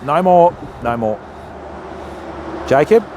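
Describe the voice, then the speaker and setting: A man's voice: fairly high pitch, lively intonation, moderate pace, noisy background. An Australian man hosting a live fishing stream outdoors, chatting and joking with his viewers while he casts. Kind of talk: casual live-stream chat.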